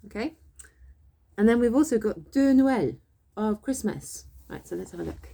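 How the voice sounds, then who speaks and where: A woman's voice: medium pitch, steady tone, a little slow, vocal fry, long pauses, mellow. Chatty woman teaching French. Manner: chatty, explains step by step, switches between English and French. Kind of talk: casual online language lesson.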